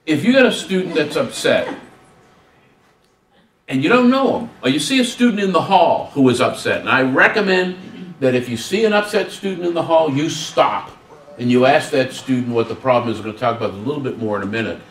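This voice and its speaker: A man's voice: mid-range voice, fairly quick, a little hiss or hum. A man giving a humorous workshop talk on student service, acting out little dialogues as he goes. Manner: animated, acts out dialogues with humor. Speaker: guest speaker on student service. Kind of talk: workshop presentation. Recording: roomy hall, distant mic.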